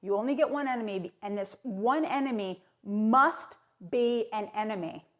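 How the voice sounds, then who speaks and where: A woman delivering tongue-in-cheek advice in a brisk, sardonic, mock-serious monologue. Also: a little high. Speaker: comedic advice vlogger.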